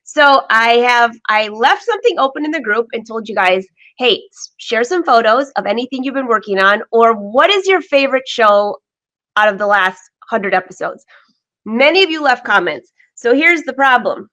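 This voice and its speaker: Chatty excitable woman hosting a live vlog. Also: a little high, moderate pace. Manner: chatty and excitable, laughs often. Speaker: vlog host. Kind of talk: live-streamed casual chat. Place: home sewing studio.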